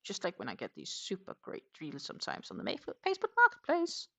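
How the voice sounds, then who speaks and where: A little fast, her mid-range, fairly bright voice swings wildly in pitch. This woman from Denmark chats casually on a crochet livestream at home, reading out viewer comments with many fillers, her accent a mix of Danish, Dutch and English.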